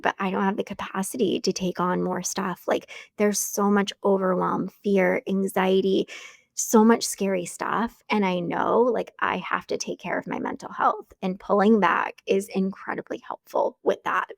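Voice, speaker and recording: A woman's voice: medium pitch, fairly even intonation, normal speed, gravelly, no echo, studio quality. A woman hosting her own podcast, talking candidly and reflectively in a casual, earnest way, often saying "like". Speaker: podcast host. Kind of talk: casual solo podcast talk.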